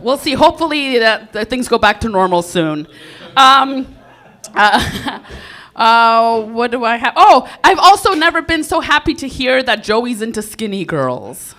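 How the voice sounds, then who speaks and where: A woman emceeing a comedy open mic from the stage, chatting in a relaxed way. Her voice is high and bright, and she speaks slowly. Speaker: host.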